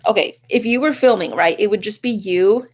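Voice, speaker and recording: Giving a relaxed live-stream tarot reading, a young woman speaks briskly and softly at a medium pitch, wandering as she goes. Suddenly excited, she pauses to say hello to viewers.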